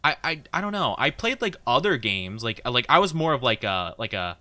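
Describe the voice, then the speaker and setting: A man's voice: medium pitch, very animated, a little fast, bright, forceful tone, no room sound. A young man streaming a game, chatting casually in a rambling, giggly way with many fillers. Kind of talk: casual chat while gaming.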